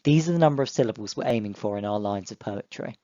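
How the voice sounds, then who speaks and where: A young male teacher giving an online lesson to children, explaining step by step in a clear, encouraging way. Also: fairly low pitch, fast talker, mellow, no echo, highs cut off. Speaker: primary school teacher.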